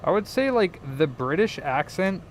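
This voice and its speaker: A man's voice: high voice, big pitch swings, moderate pace, slight background noise. An American man streaming an electronics repair, chatting casually and rambling, with lots of "like" fillers. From United States. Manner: rambling, heavy use of "like" fillers. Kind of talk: casual live-stream chat while soldering.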